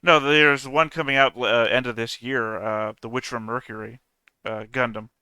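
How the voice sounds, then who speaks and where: A man chatting casually with fellow tabletop players, animated and profane, laughing as he rants. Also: mid-range voice, moderate pace, clean tone, no room sound. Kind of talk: casual chat between game sessions.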